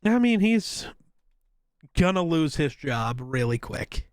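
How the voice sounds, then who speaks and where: A man's voice: fairly high pitch, big pitch swings, slow pace, dry recording. A man co-hosting a podcast in casual sports chat, with teasing, dry, blunt takes. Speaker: podcast co-host.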